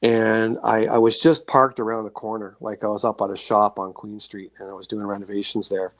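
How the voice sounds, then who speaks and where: A male interview guest telling stories in a relaxed, rambling way, full of fillers and self-corrections. His voice has a gravelly creak to it, and the recording is close and dry, with no room sound. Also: on the low side, brisk, no echo. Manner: rambling, animated anecdotes with many fillers and restarts. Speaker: guest author sharing paranormal experiences. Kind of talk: casual storytelling interview.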